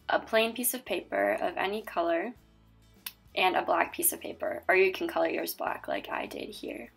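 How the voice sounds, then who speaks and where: Bright, gravelly children's church teacher. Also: female voice, mid-range voice. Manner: friendly, explains step by step to kids. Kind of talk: children's Bible lesson and craft demo.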